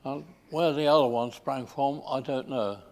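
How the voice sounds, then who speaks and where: An older man from England giving an informal slide talk, pausing often with fillers and restarts. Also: medium pitch, fairly even intonation. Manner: halting, with many fillers and restarts.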